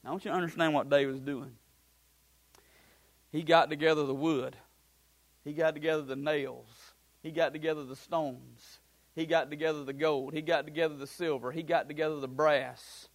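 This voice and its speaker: A man's voice: a little high, fairly even intonation, moderate pace. A man preaching a sermon as pastor, building his points through repeated phrases and breaking into casual asides.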